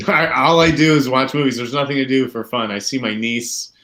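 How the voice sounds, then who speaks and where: A man from Boston talking as a guest in a casual chat, relaxed and a bit hesitant. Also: medium pitch, normal speed. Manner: laid-back, modest, a little hesitant.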